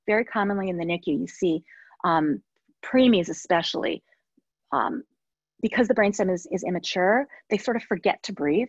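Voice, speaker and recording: Breathy woman with muffled audio. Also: medium pitch, dry recording. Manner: earnest storytelling, with repetitions and soft trailing asides. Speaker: webinar speaker and NICU parent. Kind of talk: personal story within a professional talk.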